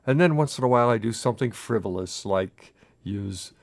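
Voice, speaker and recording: Low, gravelly man chatting nervously. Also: animated. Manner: halting, self-interrupting, nervously chatty. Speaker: coffee video host. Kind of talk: casual on-camera brewing demo. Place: home kitchen. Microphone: camera mic with a crew.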